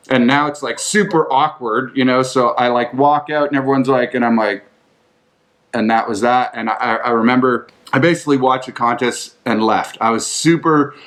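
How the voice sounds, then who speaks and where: With a medium-pitched, slightly bright voice, a man hosting a podcast tackles listener questions. His storytelling is casual and meandering, full of profanity and the word "like."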